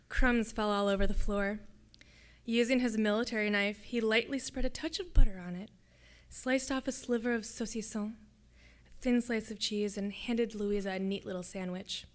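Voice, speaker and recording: A woman, a graduate student, reading her own fiction aloud at a public reading in a lecture hall, in a steady descriptive way. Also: medium pitch, normal speed.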